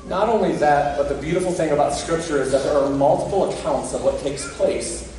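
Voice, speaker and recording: A man's voice: on the high side, fairly quick, dark tone, a little hiss or hum. A man preaching an Easter sermon as pastor, conversational and often checking in with the congregation. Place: church sanctuary. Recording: very echoey church from a distant mic.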